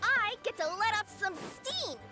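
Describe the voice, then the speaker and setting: A tiny, cheeky female fairy sidekick in a game, very high and bouncy. Her voice comes from a little way off the mic. Loud music plays beneath her. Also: lively intonation. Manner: chirpy, cheeky, quick quips. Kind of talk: game voice acting. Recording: distant voice under loud music.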